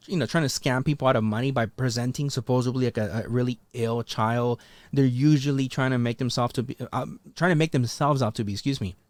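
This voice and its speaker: A man hosting a casual commentary vlog, rambling with many fillers and restarts, and talking straight at his followers with a challenging edge. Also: dry recording. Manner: rambling and loose, full of fillers and restarts, pitch rising on emphatic points; talks directly to his followers, challenging them. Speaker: commentary channel host.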